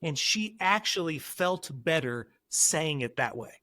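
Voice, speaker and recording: A man speaking as a parenting counselor guest on a podcast, animated and acting out dialogue as he tells stories. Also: a little high, measured pace, dry recording. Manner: animated, acts out quotes in different voices. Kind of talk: podcast interview, storytelling.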